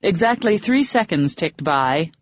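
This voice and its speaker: An audiobook narrator reading a romance novel in a steady, measured way. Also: mid-range voice, no echo. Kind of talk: scripted narration. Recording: dry, slightly dull audiobook recording.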